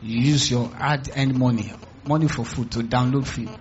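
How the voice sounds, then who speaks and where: A male pastor with a Nigerian accent delivering a sermon in church, emphatic and call-and-response, swinging from quiet asides to loud cries. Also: medium pitch, fairly even intonation, normal speed, highs cut off.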